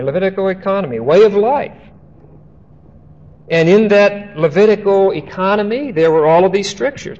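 A man's voice: high voice, a little mellow. An older man teaching through a Bible passage verse by verse, conversational, often checking in with "okay?" and telling stories. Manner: conversational, frequent "okay?" check-ins, storytelling asides. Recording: dull lo-fi recording.

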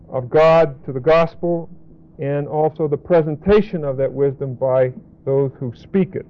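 A man's voice: mid-range voice, highs cut off. A man teaching a Bible lesson as a pastor, speaking in a blunt, emphatic way. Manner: emphatic, direct, blunt warnings.

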